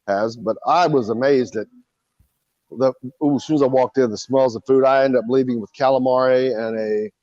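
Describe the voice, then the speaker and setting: Relaxed male sports radio host. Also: mid-range voice, dry recording, lo-fi sound. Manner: loose, rambling, many filler sounds. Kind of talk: casual sports radio chat.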